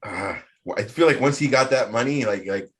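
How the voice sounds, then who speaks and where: Guy hosting a podcast, animated, swears a lot, mid pitch. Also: moderate pace. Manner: animated, swears freely, trails off and restarts. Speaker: podcast host. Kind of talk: casual chat.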